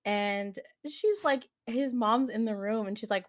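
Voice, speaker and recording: A woman's voice: medium pitch, steady tone, takes it slowly, few pauses. A young woman co-hosting a podcast, telling a story in casual chat, laughing often and using many fillers. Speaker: podcast co-host.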